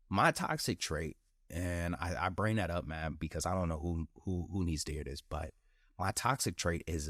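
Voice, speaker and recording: A man's voice: deep voice, fairly bright tone, no room sound, clean studio sound. A man hosting his own podcast, talking candidly and with feeling in a casual, slangy way and repeating phrases for emphasis. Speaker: podcast host. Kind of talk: casual motivational monologue.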